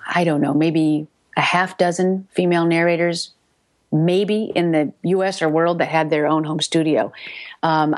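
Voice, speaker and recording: Woman audiobook narrator, lower register, chatty and animated, dry studio sound. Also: no echo. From United States. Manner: chatty, animated storytelling with many restarts. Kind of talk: casual interview.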